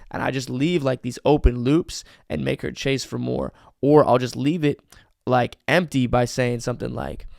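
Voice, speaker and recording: A male podcast host talks through his advice in an energetic, emphatic way. His voice has a gravelly rasp, and he leans on fillers and restarts. The sound is dry and close. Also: mid-range voice, normal speed, dry recording. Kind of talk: casual advice talk.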